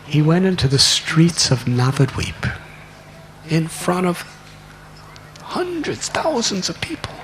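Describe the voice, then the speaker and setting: A monk in his sixties narrates a sacred tale at an unhurried pace, acting out its characters as he goes. His voice is bright and forward, with a faint hiss of background noise. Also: a little high. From United States. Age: 60s. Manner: expressive, acts out characters. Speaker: monk giving a talk. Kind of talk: devotional storytelling.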